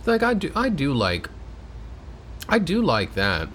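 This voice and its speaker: A man's voice: fairly high pitch, unhurried, a little hiss or hum. A man co-hosting a podcast in casual, playful chat. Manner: animated, playful, jumps into voices. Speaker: podcast co-host.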